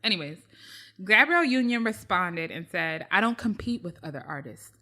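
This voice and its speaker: A woman's voice: on the low side, normal speed. A woman co-hosting a podcast, chatting casually and emphatically about pop-culture news. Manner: animated, emphatic, repeats phrases for emphasis. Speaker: podcast co-host.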